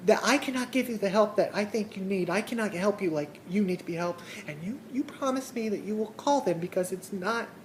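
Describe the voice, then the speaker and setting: A coaxing, soothing woman telemarketer, put on by a man, pitched well above his own voice and slowed right down. She speaks softly and earnestly, with a faint hiss behind her. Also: natural voice, poor audio. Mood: earnest pleading.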